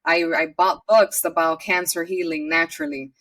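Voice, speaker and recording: A woman's voice: fairly low pitch, fairly even intonation, moderate pace, a bit bright, distant mic. A woman from New York City, a podcast guest telling her personal story in an earnest, chatty way and often acting out her own past words.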